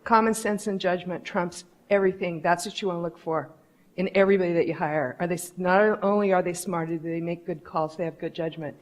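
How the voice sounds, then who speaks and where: Candid, animated woman giving a talk. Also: fairly low pitch, fairly quick. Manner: candid, animated, acts out quoted voices. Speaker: conference speaker. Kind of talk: storytelling keynote talk.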